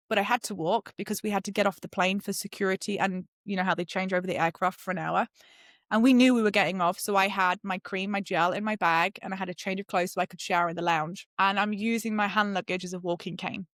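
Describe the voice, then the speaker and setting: A middle-aged British woman, a podcast guest, telling a personal story in a lively way and acting out the voices she quotes. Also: no echo, clean studio sound. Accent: British English. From Britain. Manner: lively, acts out quoted voices with sudden high jumps. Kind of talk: animated storytelling.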